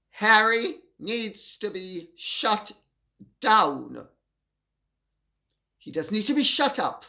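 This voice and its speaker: An older woman gives an indignant opinion monologue. She talks slowly and deliberately and leans hard on the stressed words. Her voice sits in a middle pitch range. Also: pushed and bright. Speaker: commentator.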